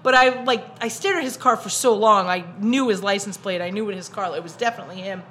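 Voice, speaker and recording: A woman hosting a casual podcast chat who tells stories lively, acts out the voices of people she quotes and swears casually. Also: mid-range voice, fast talker, slight background noise. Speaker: podcast host.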